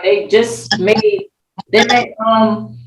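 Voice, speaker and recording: A woman's voice: mid-range voice, steady tone, extremely slow, reverberant, distant mic, slight background noise, rough recording. A woman in a casual podcast discussion, speaking hesitantly with many fillers.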